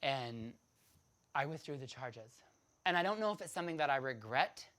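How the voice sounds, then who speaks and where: A man telling a personal story to an audience, animated and dramatic, often laughing. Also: mid-range voice, moderate pace.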